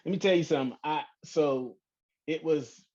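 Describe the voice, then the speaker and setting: A man's voice: fairly high pitch, darkish tone. Laid-back man on a podcast. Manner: loose, conversational, drawn-out phrasing. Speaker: podcast co-host. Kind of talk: casual chat. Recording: dull lo-fi podcast audio.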